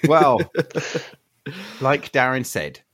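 A man's voice: medium pitch, very animated, drawn-out words, a bit bright. A man wrapping up a podcast episode in a casual chat, swearing freely. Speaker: podcast co-host.

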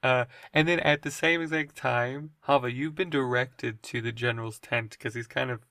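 A relaxed game master running a tabletop role-play podcast who prompts the players with questions. The voice has a gravelly edge at middle pitch. The recording is dry and close. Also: moderate pace, dry recording.

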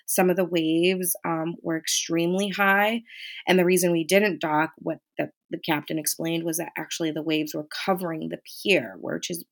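A woman vlogger casually recounting a cruise trip, chatty and animated, acting out the people she met. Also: on the low side, normal speed. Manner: chatty, animated retelling with quoted voices. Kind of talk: casual storytelling.

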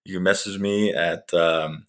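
A young man with a very low, deep voice hosts his own solo podcast. He talks loosely and swears freely. His sentences wander and he often stops and restarts them. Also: steady tone, measured pace, fairly bright tone. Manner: casual and profane, rambling with restarts. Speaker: podcast host. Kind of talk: casual solo podcast talk.

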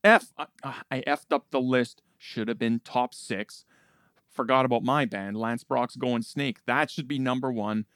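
A man's voice: medium pitch, fairly even intonation, unhurried, fairly bright tone, dry recording, clean studio sound, close to an everyday voice. A man playing a brash, foul-mouthed male rock-show host who swaggers, insults people and says "effing" constantly in a comedy bit. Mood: boastful.

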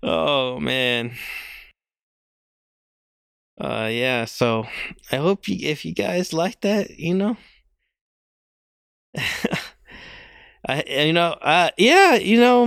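A man's voice: high-pitched, expressive, extremely slow, gravelly, pauses often, smooth, dry recording, clean studio sound. A young man hosting a podcast alone, rambling casually, mocking himself and laughing often. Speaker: podcast host.

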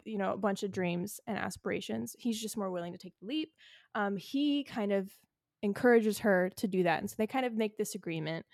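A woman's voice: medium pitch, no room sound, studio quality. A young woman co-hosting a podcast, telling a made-up story in a rambling, casual way full of "like" and "okay". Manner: rambling, filler-heavy storytelling, lots of "like" and "okay". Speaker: podcast co-host. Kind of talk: casual chat.

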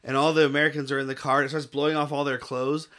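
A man's voice: a little high, flat delivery, rapid-fire, a bit bright. A man co-hosting a podcast, casually recapping a movie with crude jokes and frequent laughter. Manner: crude, jokey, laughs often. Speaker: podcast co-host.

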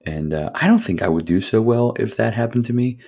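A man's voice: fairly low pitch, lively intonation, fairly quick, a little mellow. A man hosting a casual solo podcast, rambling with profane, chuckling asides. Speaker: podcast host.

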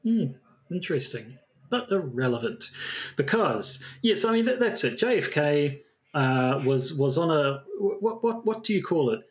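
A man's voice: on the high side, very animated, measured pace. A man co-hosting a podcast in casual chat, rambling and hesitant with frequent restarts. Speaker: podcast co-host.

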